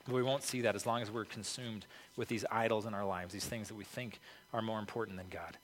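A man's voice: fairly low pitch, steady tone, a little fast, a little hiss or hum. A man preaching a conversational sermon as pastor, informal and peppered with "okay" and "like". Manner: informal, peppered with 'okay' and 'like'. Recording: reverberant hall.

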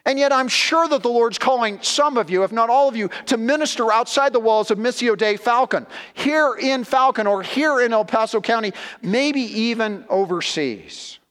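A man's voice: very high voice, a bit bright, in a large hall. A man preaching a sermon as a guest pastor in a church, emphatic and repeating key words as he addresses the congregation as friends.

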